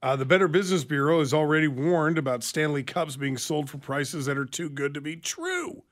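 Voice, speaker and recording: A man's voice: a little high, big pitch swings, a little fast, a bit bright. A man hosting a radio show, chatting casually with wry, teasing interjections. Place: radio studio.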